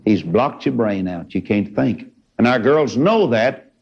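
A man's voice: mid-range voice, lively intonation, a little slow, creaky, a little mellow, breathy edge. A man preaching a sermon in a fervent, folksy way, with sudden rises in his voice. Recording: dull lo-fi recording.

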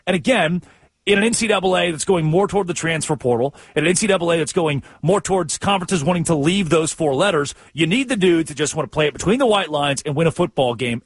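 An animated man with a high, lively voice and a husky edge, trading college football stories on a sports talk show. He acts out the people he quotes with big jumps in pitch, and the sound is close and dry. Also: no echo.

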